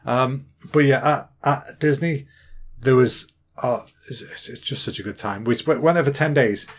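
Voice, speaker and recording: A man's voice: mid-range voice, normal speed. Chatty English man in his thirties. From England. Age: 30s. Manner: rambling, chatty, jokey. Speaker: podcast host. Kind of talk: casual storytelling monologue.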